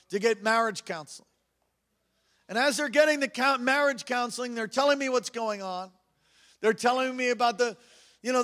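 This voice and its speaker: A pastor preaching a sermon, emphatic and repetitive, swinging between loud bursts and hushed passages. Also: male voice, sits high.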